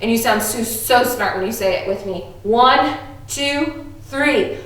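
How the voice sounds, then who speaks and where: A woman's voice: a little high, a little slow, fairly bright tone. Echoey, upbeat woman music teacher. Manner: upbeat, playful, exaggerated teacher voice. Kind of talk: online music lesson for children. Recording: very echoey room, distant from the mic.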